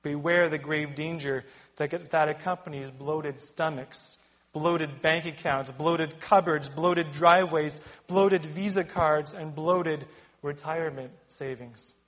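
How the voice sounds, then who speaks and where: Emphatic preaching man, a bit high. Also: steady tone, slow. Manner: emphatic preaching, swelling loud on warnings and quotes. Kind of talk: sermon.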